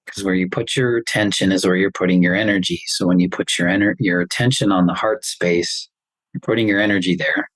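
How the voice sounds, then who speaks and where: Calm man guiding a breathing exercise. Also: lowish voice, dry recording, low-quality recording. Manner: calm, soothing, slow guidance. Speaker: pharmacist host. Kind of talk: guided breathing meditation. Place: online group call.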